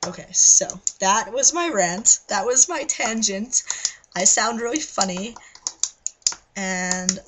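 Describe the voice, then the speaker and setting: A woman's voice: fairly high pitch, animated, unhurried, background noise. A young adult woman in her bedroom at night, ranting into her webcam in a scattered, agitated way and swearing often. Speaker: vlogger. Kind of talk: rambling webcam rant.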